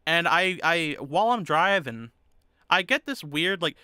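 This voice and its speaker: Easygoing male streamer, rambling chat, clear bright tone, dry and close. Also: on the high side, lively intonation, unhurried, no room sound. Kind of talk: casual chat.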